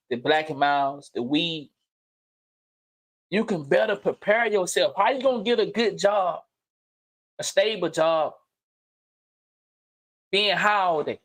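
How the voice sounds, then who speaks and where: Blunt, preachy man ranting on a livestream. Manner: blunt, preachy, profane street slang; emphatic, repeats phrases, swings from low murmurs to loud outbursts. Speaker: livestream host. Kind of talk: unscripted motivational monologue on a livestream. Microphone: streaming mic.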